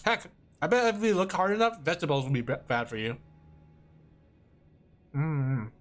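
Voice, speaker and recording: A woman streamer chatting casually and rambling with lots of fillers, excitable and quick to laugh. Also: deep voice. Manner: excitable, breaks into laughs and shouts. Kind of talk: casual live-stream chat.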